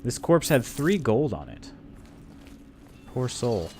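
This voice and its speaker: A male gaming streamer gives casual live commentary at a mid pitch. He thinks aloud and chats to his viewers as he plays. Faint background noise sits under his voice. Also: sing-song, slow pace, darkish tone.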